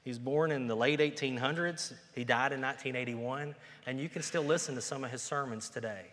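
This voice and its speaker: A man preaching a sermon, moving from plain conversational talk to loud, emphatic peaks. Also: medium pitch, fairly quick. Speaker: pastor. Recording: long reverb of a hall.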